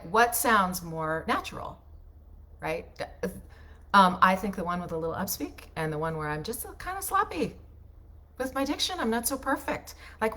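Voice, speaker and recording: A woman voiceover coach teaching in a casual, chatty way, often ending points with a quick "right?". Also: fairly low pitch, a bit bright. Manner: chatty, ends points with tag questions; loose, unpolished delivery with restarts.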